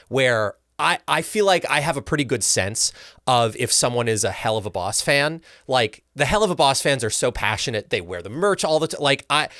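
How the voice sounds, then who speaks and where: A man guesting on a podcast as a songwriter, chatting casually in loose, animated bursts full of "like"s. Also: mid-range voice, dry recording, clean studio sound. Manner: animated, talks in loose run-on bursts with many "like"s. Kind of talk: casual interview chat.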